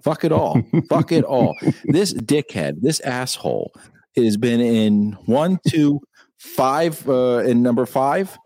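A man's voice: mid-range voice, sing-song, takes it slowly, mellow, no room sound. A man co-hosting a casual live-stream chat, ranting and swearing freely. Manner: profane, ranting. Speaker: co-host.

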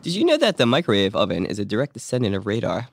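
A man's voice: fairly low pitch, wildly swooping pitch, racing, vocal fry, no room sound. A man hosting a podcast in casual chat, joking and laughing often. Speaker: podcast host.

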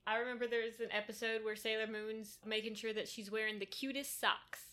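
A woman with a bright, rather high voice, co-hosting a podcast in a casual chat. She teases dryly and shoots down her co-host's ideas with short replies. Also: fairly even intonation. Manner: dry, teasing, quick to object. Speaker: podcast co-host.

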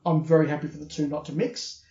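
Australian man, fairly high voice, casual podcast chat, opinionated, echoey dull room recording. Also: level tone, fast, dark tone. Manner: chatty, opinionated, repeats words when starting. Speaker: podcast co-host. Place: hotel room.

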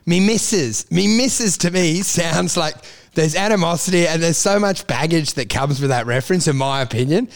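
A man co-hosting a podcast, telling animated stories, swearing freely and often asking "do you know?". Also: a little high, normal speed, creaky. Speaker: podcast co-host. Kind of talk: casual chat.

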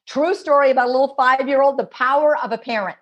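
Animated storyteller woman, higher voice. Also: fast talker, highs cut off. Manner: acts out voices of children and parents in her stories. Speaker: author and parenting guest.

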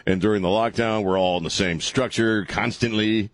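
A middle-aged man hosting a casual chat, relaxed and self-deprecating, asking his guest follow-up questions. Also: on the low side, moderate pace, dry recording. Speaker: podcast host.

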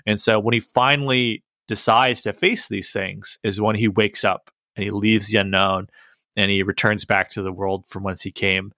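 A man's voice: on the low side, fairly even intonation, normal speed, pushed and bright, no echo. A young man in casual chat, recapping a cartoon with many fillers and laughs. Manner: rambling, filler-heavy, laughs while telling.

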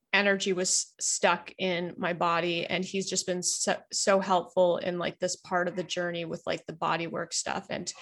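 Guest voice: woman from Canada, mid pitch, earnest, reflective, chatty. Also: a bit bright. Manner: reflective, earnest, many fillers like "like" and "you know". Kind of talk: candid personal conversation.

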